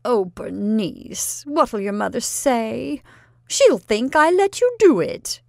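Woman voicing fussy middle-aged aunt, scolding, exclaiming, raised pitch, gravelly edge. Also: very animated, slow pace, dry recording, studio quality, full character voice. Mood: scandalized. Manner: exclaiming, loud and reproachful.

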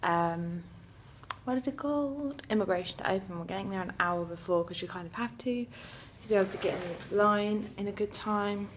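A woman's voice: medium pitch, brisk, a little hiss or hum. A young woman in her twenties, chatting casually to camera in a rambling travel vlog, with lots of fillers. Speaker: vlogger.

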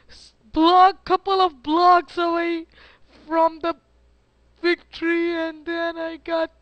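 A man giving casual gameplay commentary, excitable and talking to himself as he plays. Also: very high voice, dry recording, dull audio. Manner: excitable, yelps and talks to himself while playing. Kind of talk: casual let's-play commentary.

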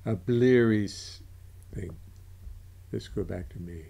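An older man hosts a livestream in casual chat, speaking slowly in a lowish voice that is creaky, mellow, and slightly rough. He rambles chattily and keeps interrupting himself as he goes.

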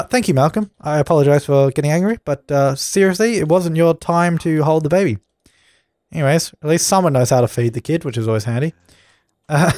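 Young male gaming host, higher-pitched voice, dry sound, sighs at and scolds his characters in a let's play. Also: darkish tone, dry recording. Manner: bossy and exasperated, scolding game characters.

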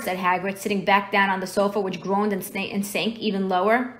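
A woman's voice: medium pitch, brisk. Woman reading a novel aloud. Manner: steady storytelling narration. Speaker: reader.

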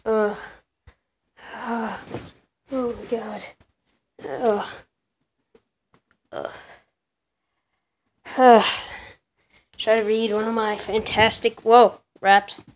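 A woman's voice: on the high side, level tone, very slow, pauses often, muffled recording, a little hiss or hum. A young woman vlogging out of boredom, rambling and muttering to herself before reading out her own raps. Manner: rambling, fidgety, muttering asides. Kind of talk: bored casual vlog with rapping.

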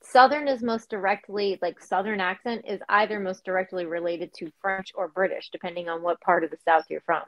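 A woman's voice: medium pitch, fairly even intonation, a little fast, hardly any pauses, fairly bright tone, no echo. A woman in a casual discussion, explaining things in a matter-of-fact way over a dull, lo-fi recording. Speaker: panelist.

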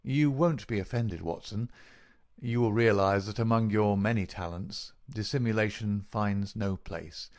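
A man reading a calm, wry detective. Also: fairly low pitch, measured pace. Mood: explaining.

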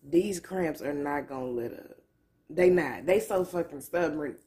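Her voice is low-pitched and dark, and she speaks a little slowly. Curled up on a couch at home for a casual vlog, the woman is hurting and close to crying, yet stays candid, loose and profane in her drawling manner of talking.

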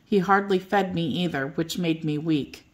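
An older woman reading a children's bedtime story aloud in a gentle, expressive way. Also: lowish voice, normal speed.

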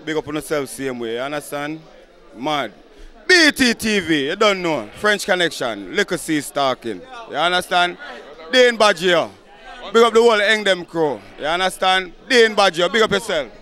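A man with a Jamaican accent giving apologetic shout-outs in patois at a party. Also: high-pitched, big pitch swings, moderate pace.

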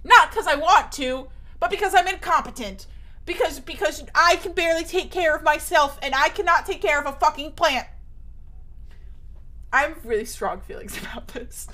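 A woman's voice: high-pitched, moderate pace, sharp tone. A young woman streaming, chatting casually, emphatic and swearing often, her voice shooting up when she gets worked up.

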